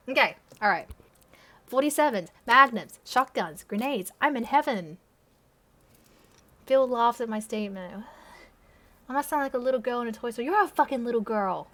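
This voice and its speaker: A woman's voice: fairly high pitch, normal speed. A young woman hosting her channel, reading her old story aloud with laughing, swearing, embarrassed asides, recorded on camera. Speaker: channel host.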